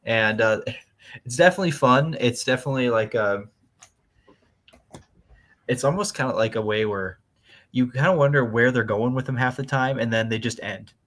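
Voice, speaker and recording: A young man co-hosting a casual comics chat, rambling with lots of fillers and quick laughs. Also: medium pitch, fairly bright tone. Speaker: podcast co-host.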